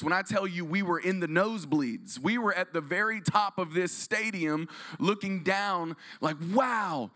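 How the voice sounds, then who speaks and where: A man from Texas preaching as a guest pastor, telling stories energetically and calling for responses from the congregation. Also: high voice. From Dallas-Fort Worth, Texas. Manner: energetic, storytelling, audience call-and-response. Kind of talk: sermon. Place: large room used as church.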